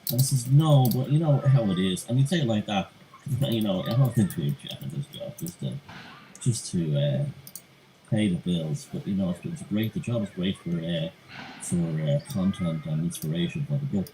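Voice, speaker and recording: A man's voice: low-pitched, moderate pace, mellow, slight background noise, low-quality recording. A man hosting a live stream, chatting in a rambling way, swearing and acting out quoted people. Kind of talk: rambling casual chat.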